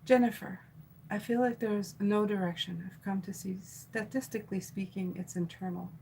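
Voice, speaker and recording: A woman's voice: mid-range voice, steady tone, moderate pace, creaky, dark tone, slight background noise, low-quality recording. A middle-aged woman doing a live stream tarot reading, chatting loosely and reading out viewer comments with fillers and restarts. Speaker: tarot reader.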